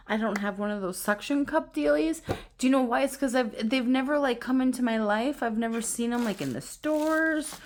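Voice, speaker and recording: A woman filming a casual vlog on her phone at home, excitable and gushing, laughing often as she talks. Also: fairly high pitch, normal speed. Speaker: vlogger. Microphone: phone camera on tripod.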